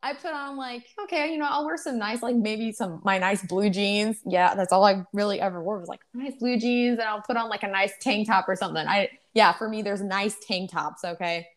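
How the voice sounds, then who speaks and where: Animated young woman telling stories. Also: medium pitch, a little fast, few pauses. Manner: animated storytelling, acts out quoted voices. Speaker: podcast co-host. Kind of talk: casual chat.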